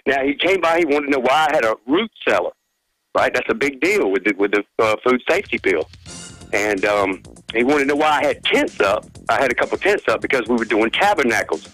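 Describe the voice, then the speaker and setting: A man's voice: mid-range voice, lively intonation, fairly quick, fairly bright tone, faint music behind, low-quality recording. A man calling in to a radio show, rambling and chatty with many fillers. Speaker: caller. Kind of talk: phone-in call to a radio show.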